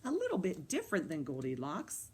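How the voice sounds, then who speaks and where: Lady doing library storytime, super lively up-and-down voice, coaxing the kids along. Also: low-pitched, brisk, husky. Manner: animated, coaxing, asks the kids questions. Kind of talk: children's storytime read-aloud. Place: library room.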